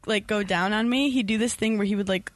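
A woman's voice: medium pitch, fast talker, dry recording. Blunt, joking woman on a podcast. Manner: blunt, playful, jokey storytelling. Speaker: podcast guest. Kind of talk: casual comedy podcast chat.

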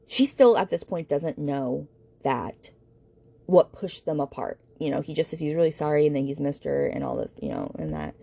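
Low gravelly woman recapping a book. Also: mellow. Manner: chatty, blunt, retelling scenes with quoted dialogue. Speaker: book podcast host. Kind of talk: casual plot recap.

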